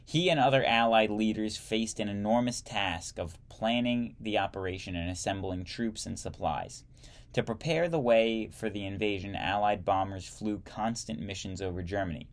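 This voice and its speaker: A man's voice: fairly low pitch, normal speed. A man reading a history text aloud, often stumbling and correcting himself, with wry asides to the listener.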